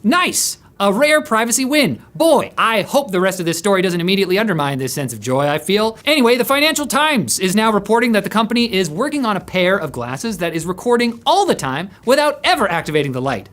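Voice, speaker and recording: A woman's voice: mid-range voice, very animated, quick pace, few pauses. A woman presenting scripted tech news in a sarcastic, playful way.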